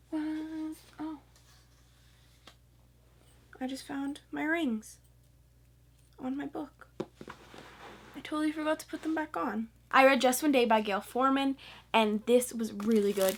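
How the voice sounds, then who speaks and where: A woman's voice: a little high, a little hiss or hum. A teenage girl chatting in a casual, gushing way about books she read, with lots of "like" fillers. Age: teen. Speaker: book vlogger. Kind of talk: casual book review vlog.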